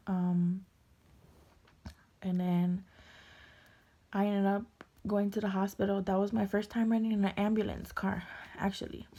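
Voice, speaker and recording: Tearful young woman, gravelly and hushed. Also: mid-range voice. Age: early 20s. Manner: halting, soft-spoken, often whispering. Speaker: vlogger. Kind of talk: personal storytelling to camera.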